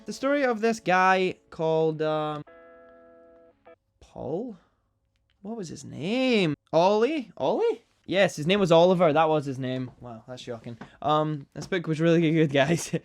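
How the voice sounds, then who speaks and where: A man vlogging casual book reviews, rambling and self-deprecating as he goes. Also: medium pitch.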